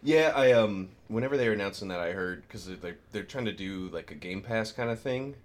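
A man co-hosting a podcast in casual chat, animated and laughing often as he tells stories. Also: on the low side, fairly quick. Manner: animated, laughs often, storytelling with bursts of excitement. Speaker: podcast co-host.

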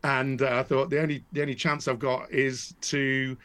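A man speaks as a podcast guest, talking casually and at length. He restarts his sentences often and fills the pauses with little asides as the story wanders along. His voice sits at an average pitch for a man. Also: little pitch movement, a bit bright. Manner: rambling, many restarts and fillers.

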